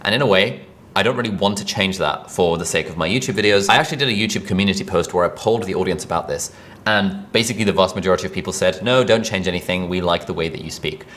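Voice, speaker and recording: A man giving a conversational direct-to-camera tutorial on presenting, energetic and quick, recorded with a videographer. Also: sits low. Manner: fast, energetic, conversational delivery. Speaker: online video coach.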